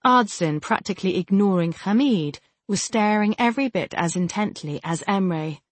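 A woman narrates a fantasy adventure in a steady, even manner, at a middling pitch for a woman. The recording is dry and close, with no room sound around her. She keeps her storytelling level and clear throughout. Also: normal speed, dry recording. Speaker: audiobook narrator. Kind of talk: scripted narration of a fantasy novel.

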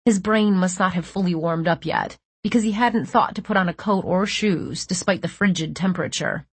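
A woman with a lowish, breathy voice narrates a story in the first person, tense and measured. The recording is close and completely dry, with no room sound. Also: dry recording. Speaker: audiobook narrator.

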